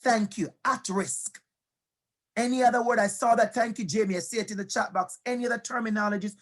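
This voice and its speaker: A woman's voice: fairly high pitch, steady tone, fairly quick. A woman presenting an online workshop over a video call, reading out audience replies and stressing key terms.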